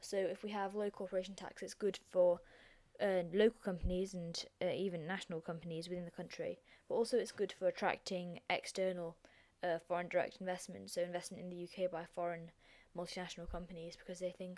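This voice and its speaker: Young woman, croaky hoarse voice, chatty revision lesson, apologetic, slightly low pitch. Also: little pitch movement, a little fast, few pauses, darkish tone. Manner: chatty, self-deprecating, apologetic. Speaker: revision video host.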